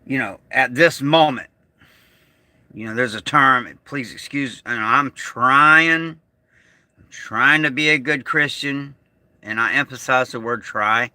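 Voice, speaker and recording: A middle-aged American man vlogging about being upset and struggling with anger, talking in a halting way that trails off. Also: mid-range voice, bright, forceful tone, dry recording. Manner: agitated, slow and halting, trailing off. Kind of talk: emotional vlog monologue.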